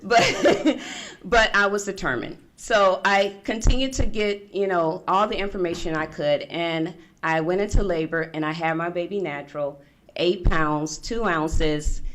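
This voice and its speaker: A middle-aged woman speaking at a forum, telling a personal story to an audience and acting out the voices of the people in it. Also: lowish voice. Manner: animated storyteller acting out past conversations. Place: conference room.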